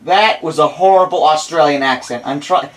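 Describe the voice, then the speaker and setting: A man's voice: a little high, moderate pace, soft background music, poor audio. A young American man in his twenties chatting casually over gameplay as a let's play host, rambling and self-deprecating.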